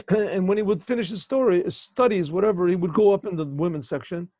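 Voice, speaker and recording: A male rabbi tells a story as a lesson, conversational and digressive, checking in with his listeners over a video call whose audio is dull and lo-fi. His high voice is fairly quick and dark-toned, with no echo.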